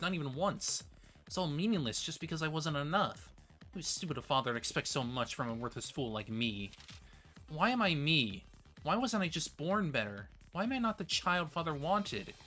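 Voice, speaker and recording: A streamer reading aloud as a self-hating child crushed by a father's expectations, in a low, heavy delivery. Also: pushed and bright.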